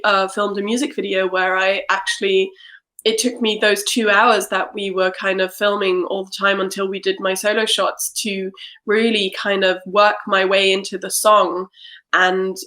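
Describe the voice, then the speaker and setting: A woman's voice: medium pitch, bright, forceful tone. A woman co-hosting a podcast, a singer-songwriter talking in an open, reflective, casual way. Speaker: podcast co-host. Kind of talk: casual chat.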